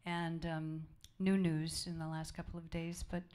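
A woman jazz singer in relaxed, chatty stage banter between songs at a small club, speaking softly with easy fillers and asides. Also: low-pitched, unhurried, clear, resonant tone. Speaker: jazz vocalist leading a band. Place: small live music club, indoors. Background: jazz band instruments.

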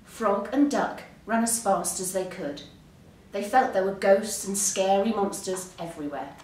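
A woman, an English teacher, reading a bedtime story aloud with expressive, unhurried storytelling. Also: medium pitch, a little hiss or hum. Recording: roomy, distant mic.

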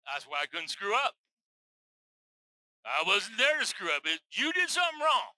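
A man's voice: sits high, big pitch swings, moderate pace, bright, forceful tone, dry recording, low-quality recording. A male pastor preaching a sermon in a folksy, joking way, teasing his congregation.

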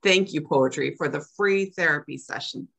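A woman's voice: moderate pace, creaky, slightly rough. An older woman giving a prepared club speech, reciting her own poems and acting out the quoted lines. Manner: expressive, acts out quoted lines with big pitch jumps. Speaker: club speaker.

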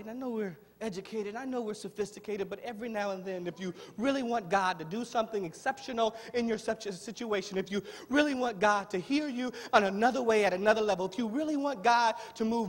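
A man preaching a sermon as pastor, rising from plain talk into shouted, pleading prayer with drawn-out words. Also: high voice. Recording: long hall reverb.

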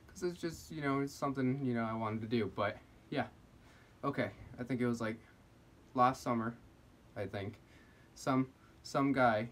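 A man's voice: medium pitch, fairly bright tone, slight background noise. A young man telling a casual story on his vlog, rambling with lots of fillers. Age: young adult. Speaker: vlogger.

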